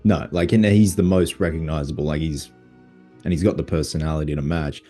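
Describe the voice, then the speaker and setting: A man hosting a podcast, talking in quick, eager fan chat. His voice sits very deep, with a mellow, dark tone. Soft music plays faintly behind him. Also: steady tone. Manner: quick, chatty, enthusiastic fan talk. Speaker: podcast host. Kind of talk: casual chat.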